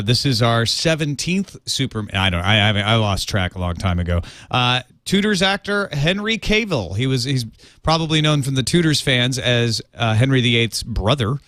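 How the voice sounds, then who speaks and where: Dude cohosting a show, wry jokey chat, dry close mic. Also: male voice, medium pitch, expressive, moderate pace, a bit bright, no room sound. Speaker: podcast co-host. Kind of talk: casual chat.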